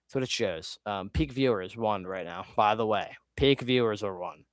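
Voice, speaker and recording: A man's voice: on the low side, moderate pace, dry recording, studio quality. A man chatting casually on a live stream while ranking his own videos, rambling, easily sidetracked and swearing often.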